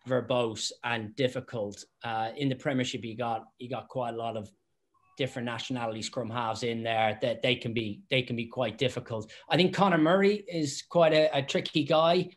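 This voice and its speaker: A former professional referee chats on a podcast, telling lively anecdotes full of restarts and repeated words. His voice is mid-range and his pace is moderate.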